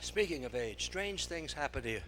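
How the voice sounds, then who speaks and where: A man's voice: on the high side, animated, normal speed, bright, forceful tone, slight background noise. An older man doing breathless, self-mocking stage patter between dance numbers in front of a live audience. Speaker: song-and-dance entertainer.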